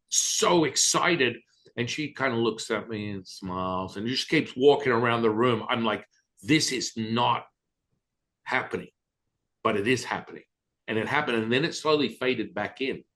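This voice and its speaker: A man with a somewhat low voice tells his story as a podcast guest. He is blunt and swears freely, acting out what he thought and said along the way. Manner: blunt and profane, animated retelling. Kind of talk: storytelling in conversation.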